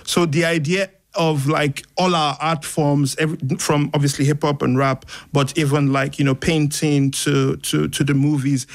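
A man's voice: a little high, little pitch movement, normal speed, hardly any pauses. A young man from Nigeria, a writer and artist, talking loosely and reflectively in casual conversation as a guest. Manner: loose, filler-heavy, reflective.

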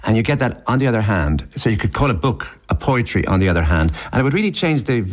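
A man's voice: on the low side, very animated, fast. A man in a literary discussion, musing aloud and turning phrases over, often restarting his sentences.

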